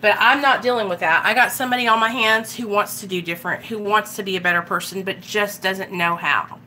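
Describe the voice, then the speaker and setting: A woman's voice: mid-range voice, steady tone, a little fast, sharp tone, a little hiss or hum. A young woman, talking bluntly and emphatically in a casual motivational vlog, swearing and repeating herself for emphasis. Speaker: recovery vlogger.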